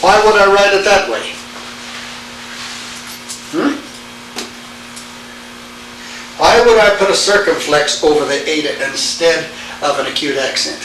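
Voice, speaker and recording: A man's voice: on the high side, steady tone, moderate pace, long pauses, a bit bright, slight background noise. A man teaching Greek grammar in a classroom, quizzing students with "all right?" and "now then". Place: church classroom. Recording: echoey room tape from far off.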